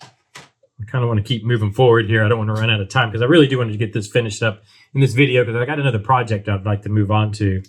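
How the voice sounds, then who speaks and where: Guy with a lowish voice chatting through a model build at his bench, lots of ums, laid back. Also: fast. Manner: relaxed, thinking aloud with many ums and restarts. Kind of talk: casual build tutorial talk. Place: workbench at home.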